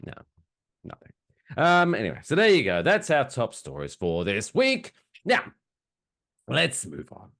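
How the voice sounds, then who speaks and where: A man's voice: medium pitch, huge pitch swings, unhurried, vocal fry, pauses often, fairly bright tone. A man co-hosting a casual podcast, sarcastic and swearing freely, joking about the news. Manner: sarcastic, swearing, does silly voices. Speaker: podcast co-host.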